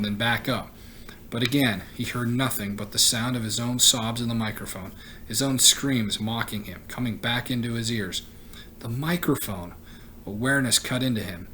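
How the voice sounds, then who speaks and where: A man, a teacher, reading a novel aloud in a steady voice, with the odd stumble and self-correction. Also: medium pitch, slight background noise, poor audio.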